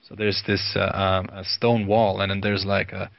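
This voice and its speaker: A man from Sweden, a guest video director, telling lively anecdotes in casual chat and laughing often. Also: deep voice, normal speed, vocal fry, no room sound. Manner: lively storyteller, laughs often, many fillers. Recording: dry, dull lo-fi sound.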